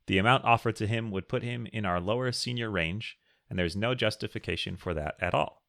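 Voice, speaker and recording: Brief: male co-host, low gravelly voice with a bright edge, casual chat, reads letters, dry sound. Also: no room sound. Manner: reads listener questions aloud, jokey. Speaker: podcast co-host.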